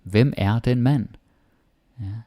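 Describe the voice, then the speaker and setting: A man from Denmark with a Danish accent, teaching Danish grammar in a casual lesson and repeating example phrases slowly. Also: lowish voice, warm tone, no echo, clean studio sound. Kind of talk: casual online language lesson.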